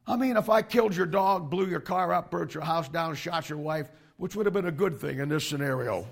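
A male pastor preaching to young ministry students, emphatic and animated, with frequent restarts. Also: fairly high pitch, fairly quick, creaky.

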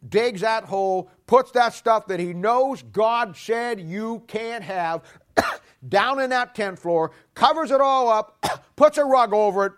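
High-voiced emphatic preacher man. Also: takes it slowly. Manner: emphatic preaching, drops low and soft at ends. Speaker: pastor. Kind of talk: sermon.

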